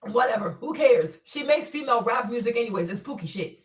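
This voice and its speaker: A woman with a high voice gives loose, profane livestream commentary that swings from loud outbursts to low mutters. She sits a little back from the mic, and the room around her is roomy and echoey. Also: expressive, fast, far from the mic. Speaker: livestream host. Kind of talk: casual unscripted commentary. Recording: roomy echo, voice a bit off-mic.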